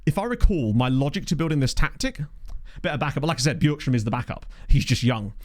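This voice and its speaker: A man talking through his game session in a chatty, think-aloud way, with a lively, bouncing pitch. His voice is dry and close, with no room sound. He throws in jokey asides as he goes. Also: quick pace, no room sound. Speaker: gaming YouTuber. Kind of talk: casual let's play commentary. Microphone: desk microphone.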